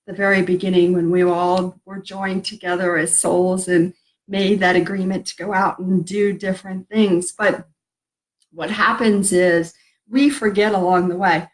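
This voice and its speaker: A woman's voice: fairly low pitch, level tone, unhurried, poor audio. A middle-aged woman hosting a casual spiritual live stream, rambling and laughing at herself as she talks about love and connection.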